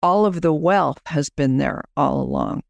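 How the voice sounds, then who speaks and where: A woman's voice: sits low, a little slow, creaky, no echo. A woman podcast host and business coach, chatting as she explains her program and guides listeners through an exercise.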